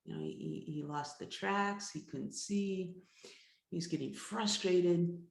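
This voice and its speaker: A woman, a healer and teacher, telling a story to a class, repeating words and slowing down to build suspense. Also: lowish voice, gravelly. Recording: roomy echo.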